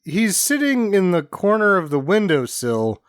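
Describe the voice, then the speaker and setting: A man's voice: high voice, sing-song, unhurried, clear, resonant tone, dry recording, studio quality. A man casually chatting about a bad movie, making wry, profane jokes. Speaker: podcast co-host. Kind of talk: casual movie recap chat.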